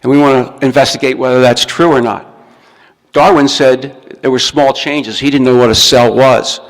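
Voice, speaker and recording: A man lectures to an audience and explains his points step by step, now and then breaking off a word and starting it again. His voice has a gravelly edge. The sound carries a long reverb from the hall. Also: mid-range voice, fairly even intonation, normal speed. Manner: explains step by step, shows a book, restarts words often. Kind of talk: recorded talk to an audience.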